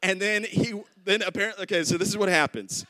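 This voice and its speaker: A man's voice: high voice, fast talker, dry recording, poor audio. A man in his thirties telling a funny personal story on stage, acting out the quotes and laughing as he goes. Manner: animated, acts out quotes, laughs mid-line. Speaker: storytelling comedian. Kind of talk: live storytelling set.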